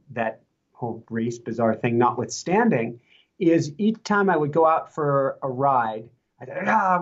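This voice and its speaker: A podcast co-host tells a relaxed, chatty anecdote, pausing on fillers now and then. The voice is mid-pitched. It comes through a dull, lo-fi line that loses the highs. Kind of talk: casual chat.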